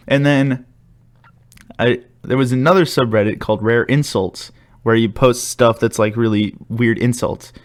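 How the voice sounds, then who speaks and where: A young man co-hosting a podcast chats casually, rambling and laughing as he stumbles and restarts. His voice is medium pitch with a measured pace and frequent pauses.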